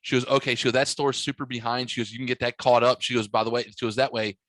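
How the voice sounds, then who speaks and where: A man's voice: mid-range voice, little pitch movement, quick pace, a bit bright, dry recording. A man hosting a podcast, telling a long story in casual chat, swearing freely and acting out the dialogue. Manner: profane, rambling, acts out dialogue in his stories. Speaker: podcast host.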